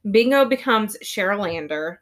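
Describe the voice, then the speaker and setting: A woman podcast co-host from Southern California, a parent, chatting casually and quickly about a cartoon episode. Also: mid-range voice. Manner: chatty, animated, quick retelling with acted-out quotes. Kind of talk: casual chat recapping a cartoon.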